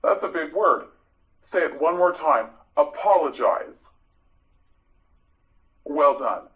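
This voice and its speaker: A man teaching English vocabulary to learners, repeating each word clearly and praising patiently. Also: a little high, lively intonation, takes it slowly, a bit bright, poor audio. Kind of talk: vocabulary drill lesson for learners.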